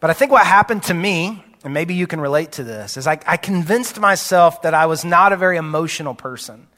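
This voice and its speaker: A pastor in his late thirties gives a sermon in a candid, conversational way, his voice pitched a little high with a bright, forward edge. He often lets his voice sink low and soft. A long reverb from the big sanctuary trails every phrase. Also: a little fast. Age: late 30s. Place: church sanctuary. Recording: long reverb of a large hall.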